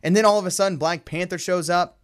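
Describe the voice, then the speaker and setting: A young man co-hosting a casual podcast, talking with excitement and acting out movie lines in animated voices. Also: high-pitched, fast, clear, resonant tone. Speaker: podcast co-host. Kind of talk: casual chat.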